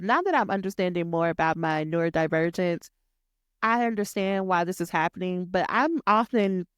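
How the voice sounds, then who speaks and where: A woman, hosting a podcast and telling a personal story in a lively, chatty way, acting out what others said. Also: medium pitch, clear, resonant tone, no room sound, clean studio sound. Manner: animated, talks to listeners as y'all, acts out quotes. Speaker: podcast host. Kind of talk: storytelling monologue.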